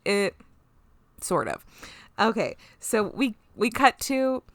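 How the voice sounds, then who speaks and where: Podcast co-host, woman; excitable, animated recapper, dry sound. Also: mid-range voice, slow, no room sound. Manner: excitable, gushing, swearing, acting out quotes.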